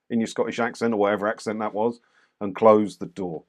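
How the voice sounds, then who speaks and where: A man's voice: lowish voice, a little fast. A man giving casual, wry commentary on video clips, dismissive of unnecessary arguing. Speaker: commentator reviewing doorstep clips.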